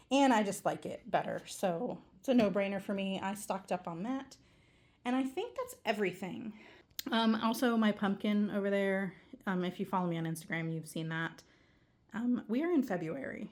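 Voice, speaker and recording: A chatty woman with a drawl talks into her phone camera in her home kitchen, a bit breathless. Her talk rambles along with fillers and light laughs, in a middle-pitched voice. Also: darkish tone. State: a little out of breath. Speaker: vlogger. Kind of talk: casual chat. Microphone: handheld phone camera.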